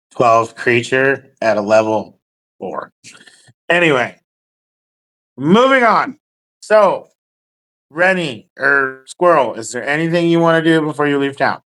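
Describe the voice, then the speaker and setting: Slow-talking laid-back male dungeon master. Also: medium pitch, fairly bright tone, rough recording. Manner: laid-back, swears casually, laughs. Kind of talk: narrating a tabletop game.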